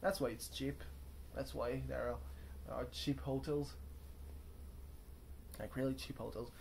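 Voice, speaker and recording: A man's voice: mid-range voice, steady tone, a little slow, gravelly, darkish tone, a little hiss or hum. A young man talking to camera from a hotel room in a casual, rambling vlog, chatty and self-mocking as he wanders off on tangents. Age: young adult. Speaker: vlogger.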